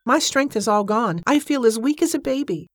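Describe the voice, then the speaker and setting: A woman doing a high-piping ruthless widow. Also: lively intonation, normal speed, no room sound, studio quality. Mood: feigned faintness. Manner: coolly matter-of-fact, falsely helpless.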